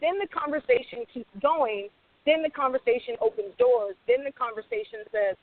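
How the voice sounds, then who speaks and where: A woman's voice: sits high, normal speed, no echo. A woman screenwriter on a radio panel, talking passionately and acting out bits of dialogue. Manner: passionate, animated, acts out quoted dialogue. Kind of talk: panel discussion. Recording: tinny phone-line sound, dry.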